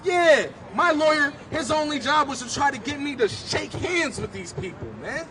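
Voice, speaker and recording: The background is noisy as a man gives passionate testimony at a street rally in the open air. His voice is very high with lively intonation, moving at a normal speed and now and then erupting into shouts.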